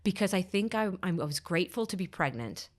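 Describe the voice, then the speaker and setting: A woman's voice: lowish voice, very animated, fast talker. An Irish woman in her thirties, a podcast guest, earnestly telling a personal story and often repeating her phrases.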